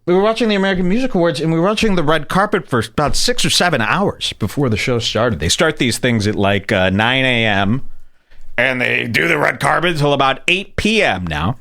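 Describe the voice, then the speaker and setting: A man's voice: medium pitch, animated, fairly quick, bright, forceful tone. A man hosting a podcast, ranting in a crude, mocking, sarcastic way. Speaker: podcast host. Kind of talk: ranting casual talk.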